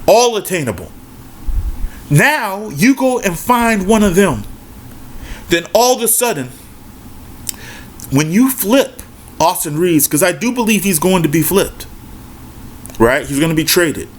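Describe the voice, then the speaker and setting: A man with a lively, animated voice that rises and falls, talking fast and emphatically. He runs his own basketball commentary channel and keeps asking "right?" and throwing in "man" between points. A faint hiss of noise sits under the recording. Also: high voice. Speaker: basketball YouTuber. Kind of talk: casual opinion rant.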